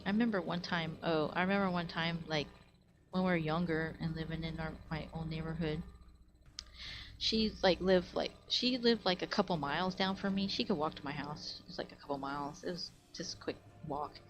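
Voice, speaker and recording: A woman's voice: low-pitched, normal speed, background noise. A woman streamer casually telling stories to her live chat, rambling and full of fillers like "like", recorded on a webcam or desk mic at home. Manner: rambling, filler-heavy with frequent "like".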